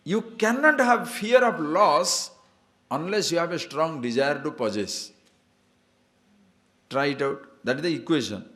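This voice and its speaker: A man's voice: a little high, a little slow, pauses often. A man giving a spiritual discourse, telling stories and laughing at them, asking listeners to see and understand. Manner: animated, laughs at his own stories. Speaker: spiritual teacher.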